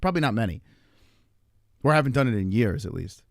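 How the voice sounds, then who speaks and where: A man in his forties telling a long story to his stream chat in a rambling, profane, animated way. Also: medium pitch, brisk, no echo, clean studio sound. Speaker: live streamer.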